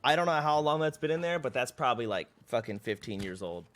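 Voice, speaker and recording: A man's voice: medium pitch, animated, fast talker, a bit bright. A young man livestreaming from home, chatting casually and swearing freely, laughing at himself as he reads things aloud. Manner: loose, profane, laughs at himself. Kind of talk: casual stream chat. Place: home streaming room, indoors.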